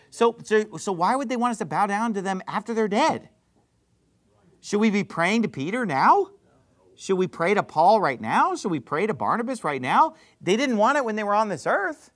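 High, lively-voiced sarcastic male preacher. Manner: sarcastic, rhetorical questions, mocking imitations. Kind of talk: fiery street-preacher sermon.

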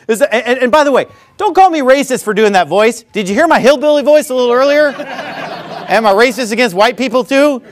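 A man preaching a sermon in church, animated and mocking, with frequent laughing asides. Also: extremely high pitch, fairly quick. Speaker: pastor.

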